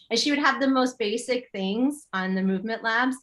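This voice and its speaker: A middle-aged woman, a yoga teacher, chatting as an interview guest and telling animated stories full of her own remembered thoughts. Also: fairly high pitch, quick pace, few pauses. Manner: animated storytelling with quoted inner thoughts. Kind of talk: casual interview chat.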